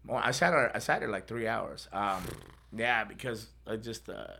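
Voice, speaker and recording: Middle-aged male podcast host, gravelly and bright, casual storyteller who laughs and acts out other voices. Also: fairly low pitch, moderate pace.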